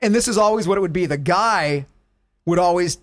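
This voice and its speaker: A man co-hosting a comedy podcast, talking in an animated, swearing rant and mimicking radio voices. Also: high-pitched, fairly quick, no room sound, clean studio sound. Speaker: podcast co-host. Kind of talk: casual comedy chat.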